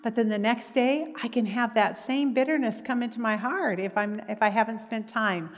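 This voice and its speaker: Woman, heartfelt preaching with stories, fairly high voice, long hall reverb. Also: normal speed. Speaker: speaker at a church meeting. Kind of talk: preaching talk with personal stories.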